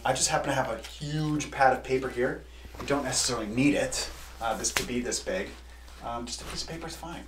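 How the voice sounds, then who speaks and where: A man speaking at an average pitch, guiding children through a drawing lesson in an encouraging, teacherly way. His studio sounds roomy, and the voice rings a little off the walls. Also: slight background noise. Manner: warm, encouraging teacher talk. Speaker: children's author and illustrator. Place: home art studio.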